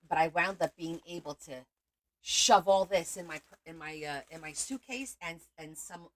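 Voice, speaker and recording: Greeting viewers by name, a middle-aged livestream host chats casually and meanderingly in a voice that's on the low side and a little bright.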